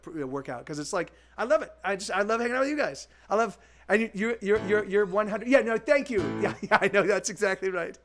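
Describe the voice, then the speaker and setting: A man's voice: on the high side, a bit bright. A man in his forties, a musician chatting casually with his stream viewers, rambling with lots of restarts and swearing freely. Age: 40s. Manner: rambling, full of restarts and repeats.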